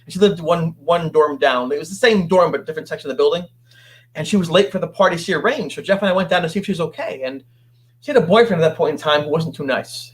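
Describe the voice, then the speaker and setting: A man telling his story as a guest on an interview show, animated and acting out what others said. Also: a little high. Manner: animated, acts out quoted voices.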